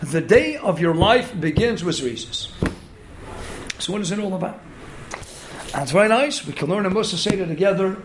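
A man giving an animated Torah study lecture. He urges his listeners on and mixes in many Hebrew and Yiddish terms. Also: sits high, normal speed, pauses often, background noise. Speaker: Torah teacher.

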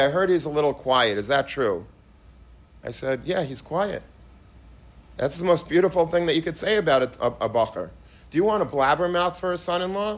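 A man, a rabbi, giving an emphatic sermon. He repeats himself, restarts his phrases, and mixes in many Hebrew and Yiddish terms. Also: fairly high pitch. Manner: emphatic, repetitive, with frequent restarts.

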